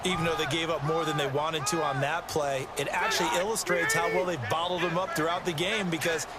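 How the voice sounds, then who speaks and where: A man's voice: on the high side, steady tone, fairly quick, close to an everyday voice. A man voicing a football video game's color analyst, explaining strategy with rhetorical questions. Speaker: color commentator in a video game. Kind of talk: sports analysis commentary.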